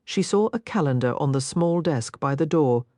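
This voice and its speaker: A woman reading an audiobook aloud in expressive, measured scripted narration. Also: low voice, no room sound, clean studio sound.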